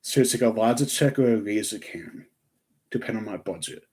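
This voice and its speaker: A man's voice: fairly low pitch, animated, a little fast, a little mellow. A young man chatting on a live stream, rambling with lots of fillers and restarts. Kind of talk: casual live-stream chat.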